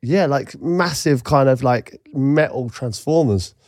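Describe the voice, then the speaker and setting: Male co-host, 30s, upbeat storyteller, mid pitch, dry close-miked sound. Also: slow pace, a little mellow, no echo. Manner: enthusiastic, jokey storytelling. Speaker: podcast co-host. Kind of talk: casual chat.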